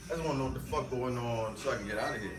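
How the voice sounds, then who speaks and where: A man telling a story in a casual podcast chat, animated and acting out the voices of the people in it. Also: medium pitch, racing, music in the background. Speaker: podcast guest.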